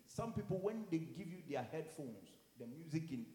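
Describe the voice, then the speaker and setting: Animated preacher man in an echoey hall. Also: fairly high pitch, normal speed. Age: adult with children. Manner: animated, swings from quiet to loud, acts out quotes. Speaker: pastor. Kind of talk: sermon.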